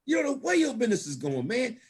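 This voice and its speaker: Husky, animated man giving a motivational talk. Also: very high voice, fast talker. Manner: animated, laughs often, preacher-like praise and call-outs; folksy, speaks to the crowd with "man" and "folks". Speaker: guest speaker at a business opportunity event.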